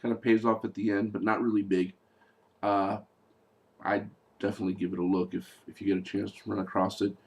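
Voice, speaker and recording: A man's voice: lowish voice, little pitch movement, brisk. A man giving a casual spoken movie review, sarcastic and exasperated, rambling with fillers and restarts.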